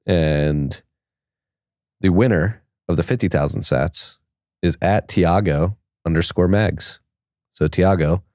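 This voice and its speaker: A male podcast host chatting casually in a very deep voice. He rambles loosely with many fillers. The sound is close and dry. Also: a little mellow, dry recording. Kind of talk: casual chat.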